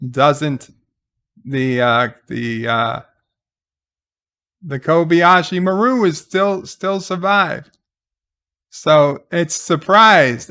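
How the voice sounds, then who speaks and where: Slow-talking man with a smooth voice. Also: on the high side, pushed and bright. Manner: halting, with frequent restarts and fillers. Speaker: TV episode reviewer. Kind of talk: casual recap of an episode.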